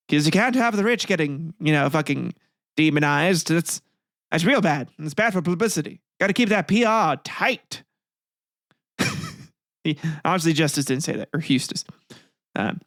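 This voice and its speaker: Man, podcast host, comedic history reading, laughs a lot, swears, slightly high voice, dry close sound. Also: fairly bright tone, no room sound. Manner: laughs often, swears, rambling asides.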